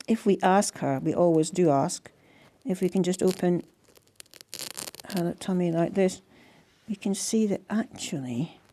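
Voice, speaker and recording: An older woman with a Scottish accent, telling stories by the fireside in a gentle, halting way that often trails off to a hush. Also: on the low side, slight background noise. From Scotland. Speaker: storyteller and singer. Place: indoors in a house by a fireside.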